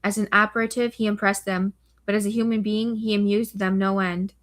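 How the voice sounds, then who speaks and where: A woman reads a thriller audiobook in an even, steady manner. Her voice sits at a middle pitch and stays flat, with little rise and fall. She occasionally slips and restarts a word. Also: a little fast. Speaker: audiobook narrator. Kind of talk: audiobook reading of a thriller novel.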